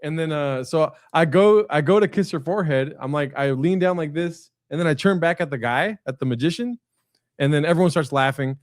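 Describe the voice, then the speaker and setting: A man's voice: fairly high pitch, a little fast, no echo, studio quality. Rambling, profane man telling stories. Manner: rambling anecdotes with frequent fillers and profanity. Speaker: guest comedian. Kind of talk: casual storytelling chat. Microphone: video call.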